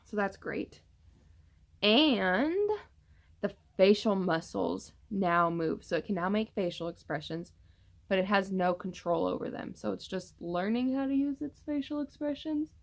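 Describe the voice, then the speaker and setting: A woman's voice: mid-range voice, lively intonation, measured pace, creaky. A young woman casually chatting through a pregnancy update vlog, rambling with many fillers and tired from yawning. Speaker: vlogger.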